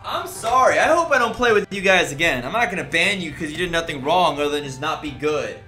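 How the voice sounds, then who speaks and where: Exasperated high-voiced male streamer. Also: animated, a little fast, pushed and bright, soft background music. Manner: exasperated ranting at players. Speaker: game streamer. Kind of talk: livestream commentary.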